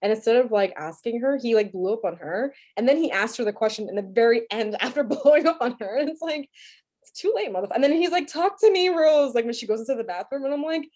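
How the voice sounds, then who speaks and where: A woman with a New York accent, co-hosting a casual podcast chat about a film, animated and laughing, with frequent swearing. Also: on the high side, quick pace, hardly any pauses. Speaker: podcast co-host.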